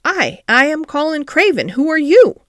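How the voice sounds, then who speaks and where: A woman's voice: high voice, very animated, normal speed, fairly bright tone, no echo, clean studio sound, voice pushed up. A woman voicing a sickly, fretful young boy in an audiobook, anxious and petulant.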